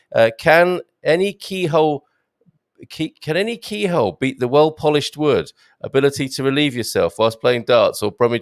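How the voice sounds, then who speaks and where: A man's voice: mid-range voice, no room sound. A man hosting a live stream, chatting through viewer comments with friendly banter and stumbling restarts.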